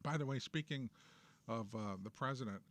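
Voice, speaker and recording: This political talk show host has a New York accent, a medium-pitched and somewhat bright voice, and a moderate pace. He launches into opinionated rants laced with sarcasm and heavy emphasis.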